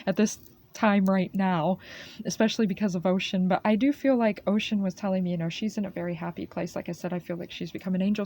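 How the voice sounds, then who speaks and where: A woman's voice: medium pitch, mellow. A woman giving an earnest spiritual oracle card reading. She speaks repetitively, often adding "okay" and calling the listener "beautiful soul.".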